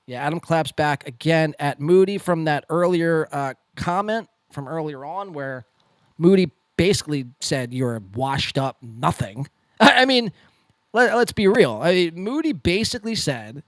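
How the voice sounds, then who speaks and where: A man hosts a podcast and talks over clips in a loose, sarcastic, profane way. His pitch sits a little high and swings widely as he mocks and stumbles through restarts. The sound is dry and close. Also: dry recording. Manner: sarcastic, mocking, lively delivery. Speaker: podcast host reacting to clips. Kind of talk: casual profane commentary.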